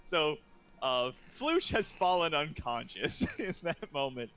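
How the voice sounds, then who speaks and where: A man's voice: on the high side, very animated, slow pace, fairly bright tone, clean tone, soft background music. A man running a tabletop game as game master, narrating in rambling sentences full of fillers.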